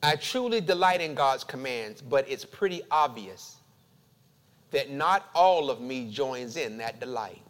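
A male pastor preaching a sermon, building emphatic repeated phrases and then dropping to quiet, confessional tones. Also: medium pitch, lively intonation, a little slow. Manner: emphatic preaching with dramatic repetition.

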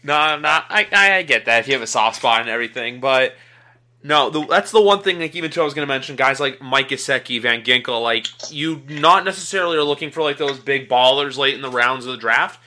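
A man's voice: mid-range voice, brisk, sharp tone. A man chiming in on a football podcast, rambling with lots of fillers. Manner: rambling, many fillers, talks in long runs. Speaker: podcast co-host. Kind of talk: casual sports debate.

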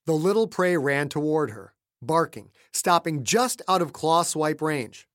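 A man narrates a thriller audiobook with dramatic delivery. His voice sits a bit high, and he shifts between hushed and shouted lines. The close studio recording is dry. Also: lively intonation, measured pace, no room sound. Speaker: author and narrator.

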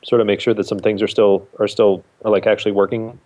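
Man, lowish voice, rambling casual panel talk full of ums and restarts. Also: little pitch movement, fast talker, warm tone. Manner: hesitant, many fillers and restarts. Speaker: podcast panelist. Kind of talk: casual chat.

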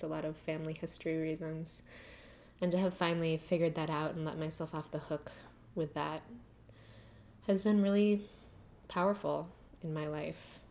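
A woman's voice: deep voice, darkish tone. A young adult woman hosting a podcast, talking candidly and earnestly in a conversational way, a little out of breath. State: slightly out of breath. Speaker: podcast host. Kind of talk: personal reflective talk.

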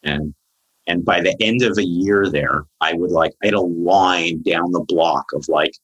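A man in his forties, a psychologist guest on a podcast, telling a long story in a lively, chatty way with lots of fillers. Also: sits low, unhurried, rough recording. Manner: animated storyteller, many "like" fillers.

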